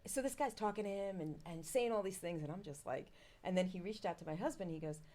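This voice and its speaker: A woman's voice: lowish voice, quick pace. A middle-aged woman speaking as an interview guest, telling a story casually and acting out the dialogue with lots of expression. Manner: animated, acts out quoted dialogue. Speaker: company founder, guest.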